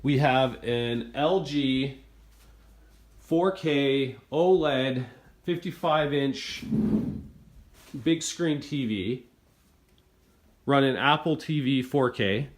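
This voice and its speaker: A man filming at home, retelling a bad repair visit in an exasperated, hurried rant. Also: medium pitch. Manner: exasperated, retelling events in a rush. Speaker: homeowner reviewing appliances. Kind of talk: ranting home video complaint. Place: inside a home kitchen.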